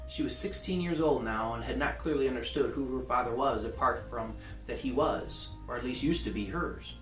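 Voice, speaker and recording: A man reading a novel aloud in a relaxed way, with small restarts. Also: medium pitch, moderate pace. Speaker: reader. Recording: roomy, distant mic, faint guitar music.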